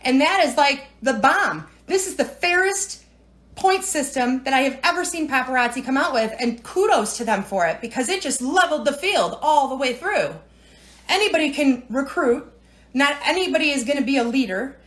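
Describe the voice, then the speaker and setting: Woman, high voice, chatty and teary, rambling livestream talk from home. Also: expressive, moderate pace, a bit bright. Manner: chatty, rambling, emotional, frequent "right?" and "you know". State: tearful, near crying. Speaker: direct-sales team leader. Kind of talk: casual livestream talk to viewers.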